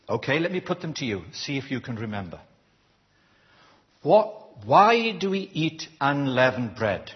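A man preaching in a church service, questioning the congregation and leading a prayer with a slow, deliberate manner. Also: fairly high pitch, highs cut off. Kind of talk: interactive sermon.

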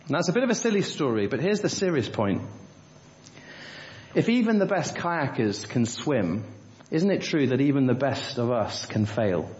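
Preacher in a roomy church. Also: male voice, medium pitch, very animated, moderate pace, a little mellow. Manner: storytelling, rhetorical questions, varies pace. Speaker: pastor. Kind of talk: sermon. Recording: roomy, dull church recording.

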